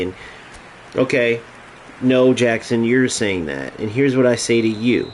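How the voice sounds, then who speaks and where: A man's voice: medium pitch, moderate pace, slight background noise, low-quality recording. Profane ranting male streamer. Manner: ranting, profane, talks to chat. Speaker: gaming streamer. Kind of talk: casual live-stream chat.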